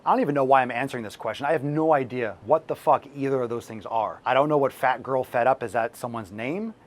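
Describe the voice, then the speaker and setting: A man hosting a fitness channel and answering viewer questions, blunt and profane and ranting at times, his voice slightly hoarse as he loses it. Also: mid-range voice, quick pace.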